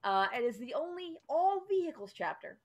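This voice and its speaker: A woman's voice: high voice, sing-song, normal speed. A woman running a tabletop game as game master, explaining the rules in a chatty way with lots of ums.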